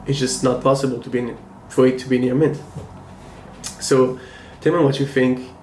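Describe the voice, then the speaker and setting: A man hosting a casual review vlog, talking to camera in a measured, thoughtful and critical way. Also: medium pitch, level tone, a little mellow, a little hiss or hum. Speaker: comic book collector and channel host. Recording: roomy echo, faint ambience.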